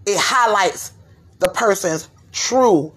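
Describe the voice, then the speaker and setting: A woman from Florida hosting her own podcast, giving a slangy, animated commentary rant and slipping into mimicry of others. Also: medium pitch, slow. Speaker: podcast host. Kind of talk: ranting commentary monologue.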